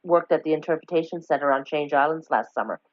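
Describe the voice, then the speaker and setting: This woman from Newfoundland, Canada, has a low voice and talks fast, rambling and correcting herself in a casual podcast interview full of warm storytelling and laughter. There's no room sound, and the lo-fi podcast audio is dull and dry.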